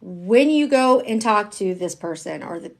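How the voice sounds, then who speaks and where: A woman gives a casual tarot reading on a live stream, talking candidly and swearing freely. Her voice sits in a middle pitch and jumps between loud emphatic bursts and hushed asides. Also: unhurried, slight background noise. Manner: chatty, candid and profane, with frequent fillers; animated, jumping in pitch and loudness, sometimes dropping to a whisper. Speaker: tarot reader.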